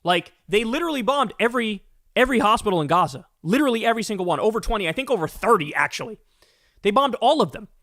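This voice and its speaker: A man's voice: high-pitched, expressive, quick pace, a bit bright, no echo, studio quality. A man hosting a political commentary show, ranting angrily and emphatically with lots of profanity.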